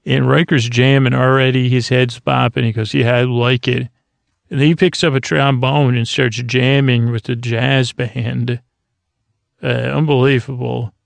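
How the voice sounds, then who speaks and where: Host for a sleep-story podcast: a man with a very gravelly, monotone voice, halting and meandering, dry close sound. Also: mid-range voice, dry recording. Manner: halting, meandering, full of filler pauses. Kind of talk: rambling sleep-story episode retelling.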